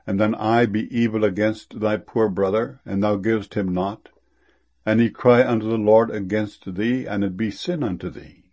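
Man, scripture reading, solemn measured delivery, husky tone. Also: lowish voice, a little mellow. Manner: measured solemn recitation, raising his voice on exclamations. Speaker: scripture reader. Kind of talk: reading King James scripture verses.

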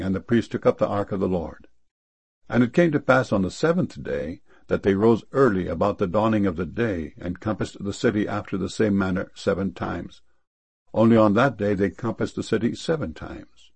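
A man reading archaic scripture verses aloud in a steady, measured way. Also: fairly low pitch, creaky, breathy edge, no room sound.

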